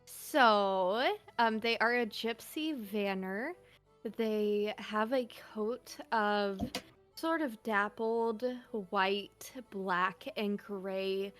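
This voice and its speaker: A woman's voice: medium pitch, very slow, a bit bright, soft background music. A woman player describing her character's actions in a tabletop game, thoughtful with many fillers and laughs.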